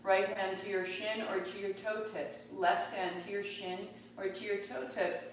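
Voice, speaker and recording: A woman leads a yoga class, calmly calling out breaths and poses in an even rhythm. Her voice sits at a middle pitch and comes from well away from the mic. It rings in a very echoey room with a faint hum of room noise behind it. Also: a little slow, recorded from a distance. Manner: calm, rhythmic cueing of breath and movement. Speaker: yoga teacher. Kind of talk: guided yoga class instruction.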